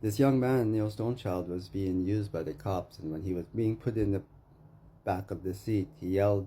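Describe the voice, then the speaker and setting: A man's voice: deep voice, moderate pace, dark tone, slight background noise. A Canadian man delivering an agitated, profane rant to the camera, accusing someone and repeating his name.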